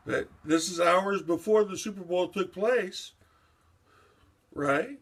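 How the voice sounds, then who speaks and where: A man's voice: sits high, fairly bright tone. An older man delivering a rambling, profane, agitated monologue that jumps erratically from one subject to the next. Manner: erratic, profane and agitated, jumping between topics.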